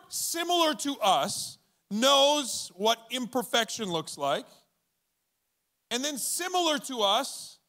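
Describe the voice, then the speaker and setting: A male pastor giving a sermon in a casual, animated way, acting out bits of dialogue for his church audience. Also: sits high. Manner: conversational and animated, acting out quoted voices.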